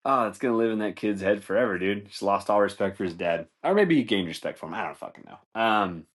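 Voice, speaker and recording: Low-voiced, rambling, profane podcast guy. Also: animated, quick pace, a bit bright. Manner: loose, profane, laughing, says dude a lot. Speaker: podcast host. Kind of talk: rambling comedic storytelling.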